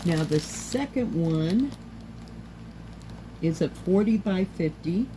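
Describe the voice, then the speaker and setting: Chatty slow-talking woman, a bit hoarse. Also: fairly low pitch, expressive, noisy background. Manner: chatty, enthusiastic, talks while handling items. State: slightly hoarse, losing her voice. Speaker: craft vlogger reviewing kits. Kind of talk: casual chat.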